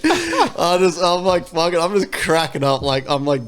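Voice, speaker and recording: A man's voice: a little high, expressive, a little fast, hardly any pauses, slight background noise. A man on a podcast panel, telling a story in casual chat, swearing and laughing often.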